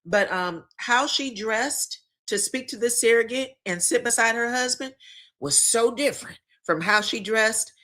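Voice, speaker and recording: A woman with a bright, ringing voice talks through the latest reality TV drama in a loose, chatty way. She swears freely, laughs, and slips into quick impressions of the people she describes. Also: on the high side. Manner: animated, profane, laughs and mimics the people she talks about. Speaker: reality TV recap host. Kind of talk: casual gossip commentary.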